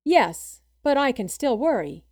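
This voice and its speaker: A caring, protective man from an audiobook, earnest and worried in manner, read by a woman. He speaks in a slightly high voice. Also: big pitch swings, measured pace, darkish tone, full character voice. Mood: concerned. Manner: earnest, concerned.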